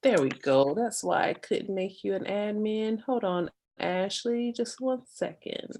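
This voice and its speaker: A woman's voice: mid-range voice, measured pace, a little mellow. A woman co-hosting a casual live stream, teasing and slangy, easygoing as she reads out names. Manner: teasing, slangy, laid-back. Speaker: stream co-host.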